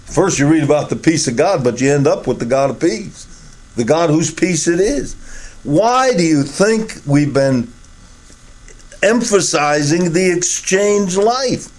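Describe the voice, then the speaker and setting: Middle-aged guy preaching, slow and deliberate, a bit high voiced, punches key words up high. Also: animated, a little mellow. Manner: emphatic, rising to high ringing stresses on key words. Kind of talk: sermon.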